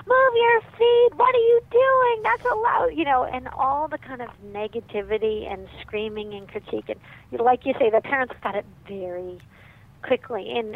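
A woman guest in an interview, talking animatedly and emphatically about parenting, and acting out the voices of the people she quotes. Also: on the high side. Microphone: phone line. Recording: tinny phone line with faint noise.

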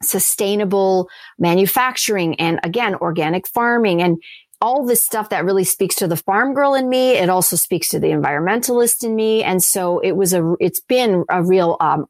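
A woman answering interview questions in a chatty, animated way, with lots of fillers and restarts. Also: lowish voice, no room sound. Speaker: TV host being interviewed.

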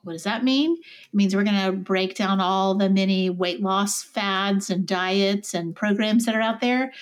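A woman's voice: mid-range voice, measured pace, clean tone. A woman in her thirties with a slight Southern accent, co-hosting a podcast in a chatty, self-deprecating way that breaks easily into laughter. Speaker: podcast co-host. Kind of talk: casual podcast chat.

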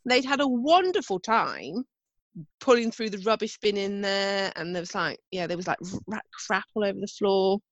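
A woman's voice: medium pitch, animated, normal speed, no echo, lo-fi sound. A woman, co-hosting a casual chat and telling stories in a chatty, self-mocking way, with the odd casual swear. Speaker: podcast co-host.

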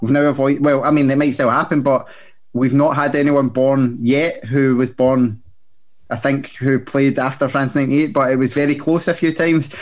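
A man's voice: medium pitch, fairly even intonation. Drunk, emotional Scottish man. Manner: emotional, halting. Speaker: podcast co-host. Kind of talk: casual football chat.

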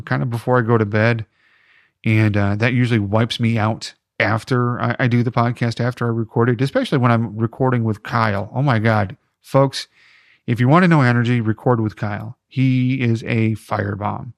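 Male podcast host, gravelly fry in the voice, casual and upbeat, dry close sound. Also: medium pitch, no echo. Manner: chatty, encouraging, jokey asides. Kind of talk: casual podcast advice talk.

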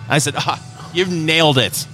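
A man with a Michigan accent co-hosts a relaxed talk show. His voice is bright and clear, and he keeps his replies easygoing and good-humored. Faint music sits in the background. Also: a little high, moderate pace. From Michigan, USA. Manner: easygoing, laughs often, short replies. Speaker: podcast co-host. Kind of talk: casual chat.

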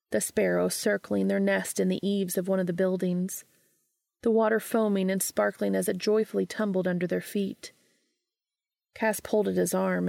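A woman narrating a story aloud in a steady, measured way. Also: mid-range voice, vocal fry, dry recording, studio quality.

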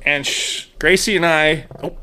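Brief: man in his thirties, bright fairly high voice, lively storyteller, swears a lot. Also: measured pace. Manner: animated storyteller, swears freely, acts out quoted voices. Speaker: podcast co-host. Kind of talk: casual chat.

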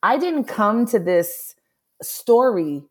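A woman's voice: on the high side, sing-song, slow, slightly rough. A middle-aged woman, an author being interviewed, telling a personal story earnestly and voicing her own thoughts aloud. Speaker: author and guest. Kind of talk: candid interview conversation.

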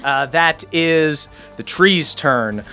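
A man's voice: fairly high pitch, drawn-out words, bright, forceful tone, soft background music. A man narrating as the game master of a tabletop game, easygoing and often laughing.

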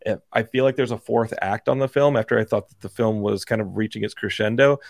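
A man's voice: lowish voice, quick pace, creaky, no echo, clean studio sound. A man co-hosting a casual film review chat, laid-back and talking in long run-on sentences. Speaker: podcast co-host.

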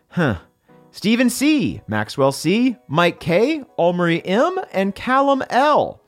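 Comic host reading credits, dry asides, bouncy higher voice, faint music bed. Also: male voice, slow. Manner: wry, deadpan one-word asides after each entry. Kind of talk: comedic scripted credits reading.

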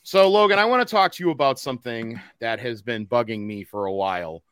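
A man with a Boston accent runs a loose podcast chat in a middle-pitched voice. He rambles, piles up "uh"s and restarts his sentences. His voice is close and dry, with no room sound. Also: animated, fairly quick, a bit bright, clear, resonant tone, no echo. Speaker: podcast host.

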